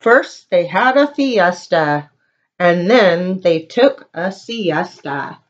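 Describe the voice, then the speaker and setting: A woman preschool teacher reading a picture book aloud with slow, expressive storytelling. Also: on the low side, dull audio.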